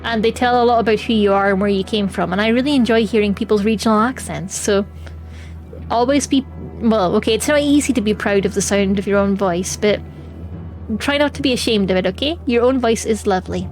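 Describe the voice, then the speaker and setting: A woman with a Scottish Highlands accent touched by the Western Isles, chatting casually with her chat while gaming and laughing easily. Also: a little fast, soft background music. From Scotland. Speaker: streamer.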